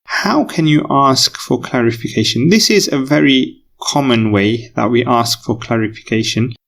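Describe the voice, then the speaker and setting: A man's voice: medium pitch, normal speed, creaky, fairly bright tone. A male English teacher explaining a lesson patiently, repeating key phrases for learners.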